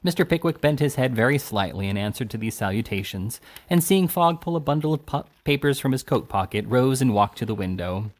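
A man reading a classic novel aloud in steady, even narration. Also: medium pitch, brisk. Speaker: audiobook reader.

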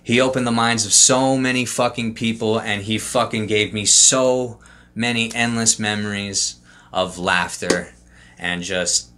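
A man's voice: on the low side, steady tone, a little slow, pushed and bright. Swearing young man telling a trip story. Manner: loose, profane storytelling with lots of fillers. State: emotional, holding back tears. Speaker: vlogger. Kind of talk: casual trip report monologue.

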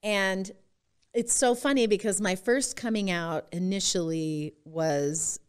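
A middle-aged woman from Utah, a podcast guest telling her personal story in an expressive way and laughing often. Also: mid-range voice, slow, clear, resonant tone.

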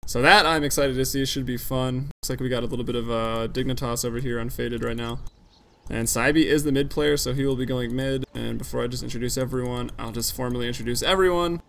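A man's voice: mid-range voice, fairly even intonation, quick pace, creaky. A man casting an esports draft alone, talking casually and analytically with frequent fillers. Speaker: esports caster. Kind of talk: solo play-by-play commentary.

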